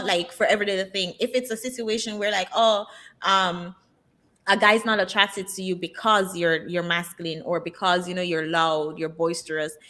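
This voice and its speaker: Woman guest, mid pitch, blunt opinions, lots of ums and likes. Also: a bit bright. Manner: candid and opinionated, uses lots of fillers. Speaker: interview guest. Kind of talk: casual interview chat.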